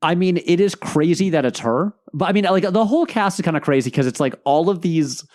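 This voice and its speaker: A man chatting casually as a podcast guest over a video call, telling stories in an animated way. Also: fairly high pitch, fairly quick. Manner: animated, lively storytelling. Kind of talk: casual chat.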